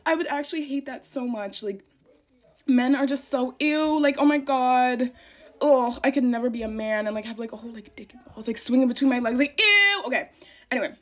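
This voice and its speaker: A woman's voice: fairly high pitch, fairly even intonation, a little fast, darkish tone. A young woman ranting casually to camera, irritated and dramatic, swearing often. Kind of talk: casual vlog rant.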